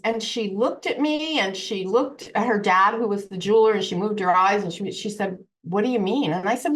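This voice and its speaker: A woman's voice: medium pitch, normal speed, hardly any pauses. A woman psychic medium telling stories in a casual interview, acting out quotes and laughing easily, on a video call from her home. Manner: animated storyteller, acts out quotes, laughs easily. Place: home room with crystals on shelves.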